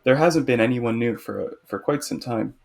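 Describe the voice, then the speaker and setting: A male podcast co-host who talks at length and is firm in his views, often ribbing his partner. His voice sits at a middle pitch. It has a gravelly, creaky texture. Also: normal speed. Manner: opinionated, talkative, teasing. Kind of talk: casual chat.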